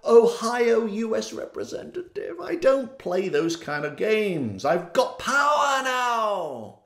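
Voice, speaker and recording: A man's voice: high voice, sing-song, takes it slowly, fairly bright tone, reverberant, pitched above the performer's own voice, full character voice. A man doing a mocking voice of a cocky, self-important male politician who boasts and then whines in panic. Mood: boastful. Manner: boastful, whiny when scared.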